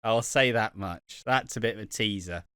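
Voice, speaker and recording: Man, podcast co-host, bright forceful voice, dry close sound, sweary, rambling, laughs a lot. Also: fairly low pitch, moderate pace, clean tone, no room sound. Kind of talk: casual chat.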